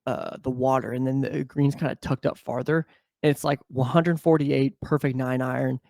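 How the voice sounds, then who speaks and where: Gravelly-voiced young man swearing casually. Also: mid-range voice, moderate pace, no room sound. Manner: profane, animated storyteller, mimics people. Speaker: podcast co-host. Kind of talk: casual chat.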